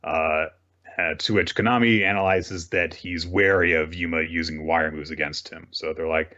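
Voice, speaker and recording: Low-voiced man recapping manga, lo-fi sound. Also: fairly even intonation, sharp tone. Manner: swears casually, retells plot with quick asides. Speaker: podcast co-host. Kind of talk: casual manga recap chat.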